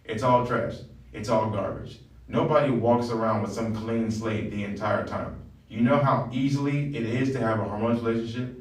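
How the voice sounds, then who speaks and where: A man's voice: mid-range voice, fairly even intonation, normal speed, far from the mic. Blunt man preaching in a roomy room. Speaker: wellness coach. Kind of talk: motivational monologue. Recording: roomy, from off the mic.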